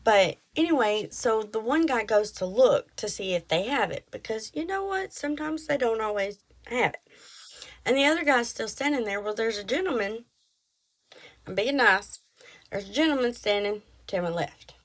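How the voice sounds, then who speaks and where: A woman's voice: a little high, moderate pace. Chatty woman telling stories. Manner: chatty, animated retelling with quoted voices. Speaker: podcast host. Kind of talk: casual storytelling.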